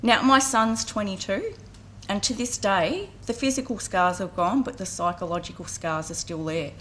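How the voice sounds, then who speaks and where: A woman's voice: mid-range voice, lively intonation, normal speed, fairly bright tone. Earnest Australian woman giving a talk. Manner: earnest storytelling, acts out voices briefly. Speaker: community vet care speaker. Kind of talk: public talk at a campaign launch. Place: outdoor event with audience.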